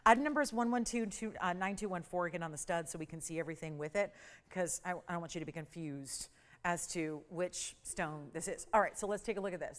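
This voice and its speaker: Upbeat shopping channel hostess. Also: female voice, fairly low pitch. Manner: upbeat, persuasive, urgent. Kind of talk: live sales pitch. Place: TV studio.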